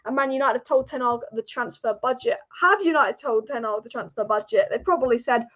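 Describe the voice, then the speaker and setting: Excitable high-voiced woman streaming. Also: fairly quick, dull audio. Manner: excitable, rambling, repeats herself. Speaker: fan livestream host. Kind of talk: live fan commentary chat. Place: sitting at home.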